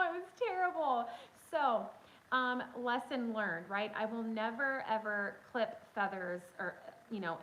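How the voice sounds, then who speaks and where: A chatty, excitable woman talks to her viewers through a phone mic at home. Her pitch sits in an ordinary middle range, with a faint hiss of background noise under her voice. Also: low-quality recording. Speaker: livestream host. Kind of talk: casual storytelling chat.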